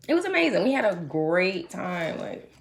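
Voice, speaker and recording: A young adult woman from the United States chatting casually to her viewers, telling a trip story in animated, slangy talk. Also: on the low side, moderate pace, vocal fry. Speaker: vlogger. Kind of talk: casual chat to camera.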